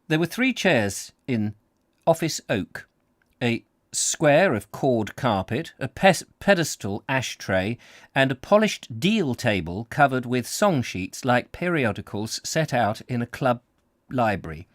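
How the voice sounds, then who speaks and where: A man's voice: mid-range voice, very animated, slow pace, no room sound, studio quality. A man reading a novel aloud in a casual way, often stumbling over words and apologizing. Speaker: audiobook reader. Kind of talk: casual read-aloud story narration.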